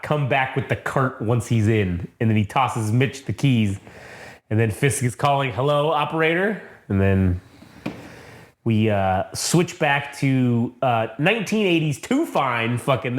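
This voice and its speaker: A man co-hosting a comic book podcast, casually retelling scenes with lots of swearing and acting out the characters' lines in shifting voices. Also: medium pitch. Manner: profane, acts out quoted characters in shifting voices. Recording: roomy echo.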